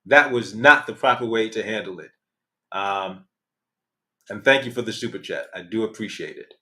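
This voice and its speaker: A man's voice: fairly low pitch, moderate pace. A man hosting a casual livestream, talking candidly with slang and the odd curse, laughing between points. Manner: candid, animated, uses slang and swears. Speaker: channel host.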